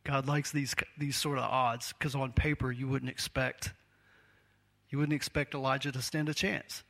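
A man's voice: medium pitch, flat delivery, normal speed, creaky, fairly bright tone. A man preaching a sermon in a conversational, self-deprecating way, laughing often.

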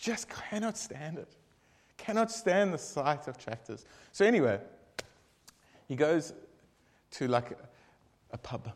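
Rambling, animated man leading a devotion. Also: mid-range voice. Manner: rambling, animated, with many fillers and asides. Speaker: group devotion leader. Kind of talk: casual joke telling and devotion intro.

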